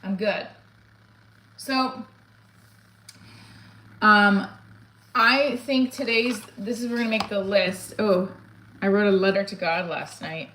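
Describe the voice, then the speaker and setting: A middle-aged woman rambles through a casual livestream, reading out viewer comments as she goes. Her voice sits at an ordinary middle pitch, and a faint hiss runs underneath. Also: slow pace, long pauses, fairly bright tone. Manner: chatty, rambling, reads comments aloud. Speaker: comedian and livestream host.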